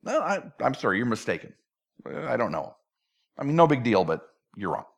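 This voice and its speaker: A frightened grown man , as a preacher acts him out, brushes off an accusation in a flustered, defensive way. His voice drops lower and quieter than the preacher's own. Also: very animated, moderate pace, vocal fry. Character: frightened grown man denying he knows a friend.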